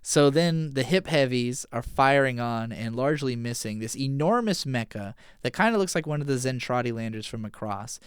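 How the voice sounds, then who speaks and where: Man, smooth clear voice, dry close sound, casual anime recap, loose and a bit profane. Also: mid-range voice, animated, no room sound. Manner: casual, profane, retells scenes with quick paraphrased dialogue. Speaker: anime podcast host. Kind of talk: casual episode recap and analysis.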